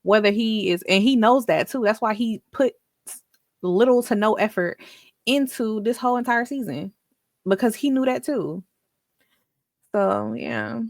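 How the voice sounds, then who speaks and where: A woman's voice: a little high, measured pace, vocal fry, long pauses, no echo, clean studio sound. A woman vlogger gives casual reaction commentary, talking back to the clip with sassy asides.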